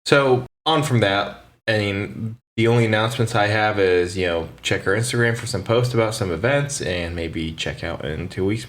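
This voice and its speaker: A man's voice: low voice, a bit bright, a little hiss or hum. A man hosting a casual chat podcast, easygoing and rambling, often stumbling and restarting. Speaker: podcast host.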